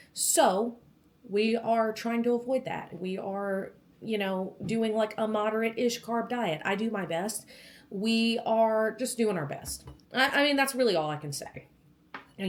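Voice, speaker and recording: A pregnant young woman vlogging casually, animatedly retelling a doctor's visit and acting out the quotes. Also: on the low side. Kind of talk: casual storytelling vlog.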